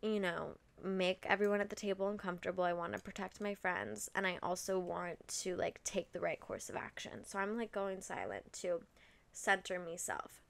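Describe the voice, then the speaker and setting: A woman's voice: mid-range voice, normal speed, gravelly. A young woman hosting a podcast, telling a personal story in a candid, casual way, swearing freely and saying "like" often. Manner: candid and expressive, swears freely, many likes. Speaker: podcast host.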